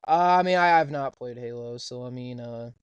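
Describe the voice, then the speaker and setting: Young male co-host, smooth and dry close-mic sound, rants and swears in casual gaming chat. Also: medium pitch, moderate pace, no echo, muffled recording. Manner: profane, ranting, repeats "right?". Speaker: podcast co-host.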